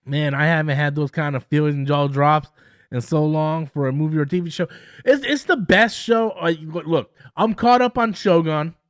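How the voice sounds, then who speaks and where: Man, high voice, dry close sound; halting, excitable live-stream reviewer who repeats himself. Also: dry recording. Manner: halting, repeats words, enthusiastic. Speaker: show review host.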